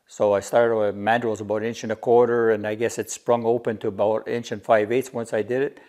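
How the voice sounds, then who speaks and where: A DIY maker casually shows off a homemade workshop gadget, explaining its technical details step by step. His voice is lowish, a little mellow, brisk, and flatly delivered.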